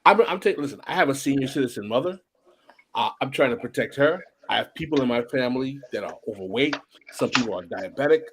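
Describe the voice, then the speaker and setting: A man's voice: mid-range voice, animated, quick pace, a bit bright, slight background noise. A man co-hosting a casual podcast chat, talking animatedly with frequent restarts. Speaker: podcast co-host.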